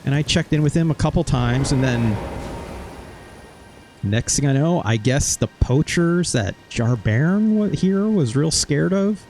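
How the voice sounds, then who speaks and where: A man's voice: on the high side, lively intonation, measured pace, a little mellow, faint music behind. Rambling, casual gamer guy. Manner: rambling, swears casually, recaps with quoted asides. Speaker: gaming video host. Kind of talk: casual let's-play commentary.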